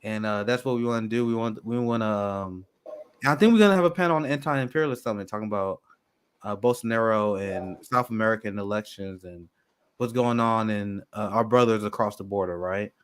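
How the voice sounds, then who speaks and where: A man's voice: lowish voice, fairly quick, clear, resonant tone. A man hosting a casual livestream, loose and chatty with lots of fillers. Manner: loose, chatty, self-deprecating, many fillers. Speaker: host.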